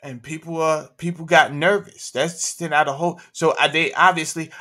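A man's voice: on the high side, steady tone, normal speed, hardly any pauses, bright, forceful tone. A man hosting a livestream, talking in an emphatic, slangy way full of rhetorical questions. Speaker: livestream host. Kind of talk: animated opinion talk.

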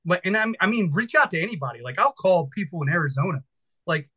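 High, bright-voiced talkative man. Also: quick pace, husky, poor audio. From Virginia. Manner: energetic, rambling, swears casually. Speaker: guest, firefighter instructor. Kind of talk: casual podcast interview.

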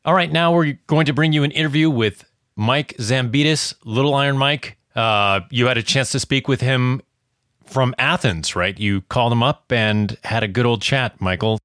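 A man's voice: medium pitch, normal speed, fairly bright tone, clean tone, dry recording, studio quality. A man co-hosting a sports show, upbeat as he hands over to his partner and asks questions. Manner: upbeat, leading the segment. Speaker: show co-host. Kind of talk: casual sports show chat.

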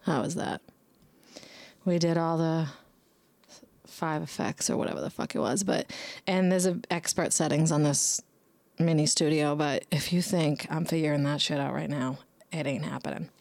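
A woman's voice: low-pitched, steady tone, moderate pace, vocal fry, a little mellow, dry recording. A young woman hosting a casual monologue who rambles bluntly, swears heavily and scolds herself by name. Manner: talks back to herself by name. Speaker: podcast host.

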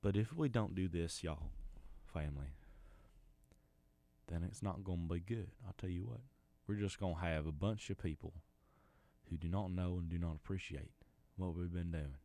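A man's voice: low-pitched, normal speed, mellow, no room sound. A middle-aged man with a Southern US accent, hosting a podcast in a folksy, rambling, mock-earnest comedic monologue. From Arkansas. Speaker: podcast host.

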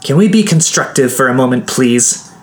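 A woman's voice: extremely low pitch, sing-song, normal speed, fairly bright tone, pitched above the performer's own voice, exaggerated voice. A man voicing a young woman companion who speaks urgently and pleads with the group, in a fantasy audiobook.

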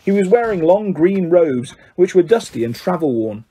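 A man reading a children's story aloud as narrator, in an expressive, animated way. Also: high voice, normal speed, slightly rough. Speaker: audiobook narrator. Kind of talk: scripted narration.

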